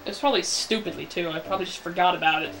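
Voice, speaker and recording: A man's voice: high voice, rapid-fire, creaky, over music. A man giving casual let's-play commentary, rambling and ranting about the game as he plays. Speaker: gameplay commentator.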